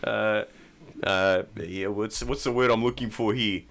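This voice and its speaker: A man's voice: fairly low pitch, fairly even intonation, unhurried, gravelly, fairly bright tone. An Australian man co-hosting a motorsport podcast, joking and laughing often in casual chat. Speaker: podcast co-host.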